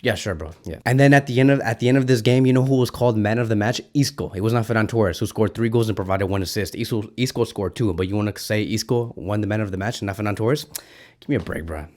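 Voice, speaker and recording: A man hosting a football fan channel, giving an excited, ranting reaction to a match and repeating himself when worked up. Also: on the low side, fast talker, hardly any pauses.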